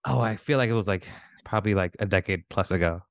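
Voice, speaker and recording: A male comedian chatting as a podcast guest, quick and self-amused, with chuckling asides. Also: on the low side, no room sound, studio quality. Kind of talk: casual chat.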